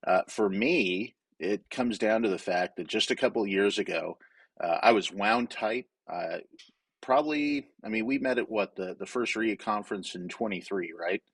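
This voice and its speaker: Male guest from Wyoming, low husky voice, candid storyteller, dry close sound. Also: normal speed, no echo. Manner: candid, storytelling, many filler restarts. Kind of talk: casual interview talk.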